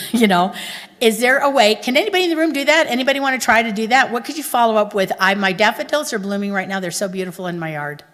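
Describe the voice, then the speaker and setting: A woman's voice: a little high, quick pace. Chatty Texan woman in a big hall. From Texas. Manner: chatty, animated storytelling with audience questions. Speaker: conference speaker. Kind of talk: conference talk. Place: large conference hall. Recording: reverberant hall.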